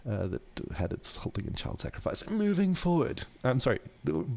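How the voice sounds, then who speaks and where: A man's voice: a little high, big pitch swings, normal speed, gravelly, warm tone, slight background noise. A man hosting a podcast, talking off the cuff in a rambling way with frequent laughs and self-corrections. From not American. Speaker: podcast host. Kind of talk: off-the-cuff conspiracy podcast monologue.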